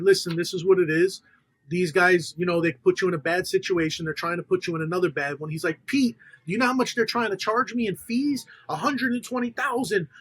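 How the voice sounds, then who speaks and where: A man's voice: high voice, no room sound, rough recording. A man tells business stories on a podcast, slipping into the voices of the people he quotes. The sound is close and dry, with little room. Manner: animated storyteller quoting others in dialogue. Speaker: podcast guest, funder. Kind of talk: casual storytelling interview.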